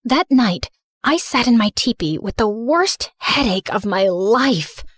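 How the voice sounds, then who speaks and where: A woman narrating in first person as a remorseful, misunderstood teenage girl, earnest and soft. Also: on the high side, lively intonation, unhurried, husky, no room sound, clean studio sound. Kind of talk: scripted story narration.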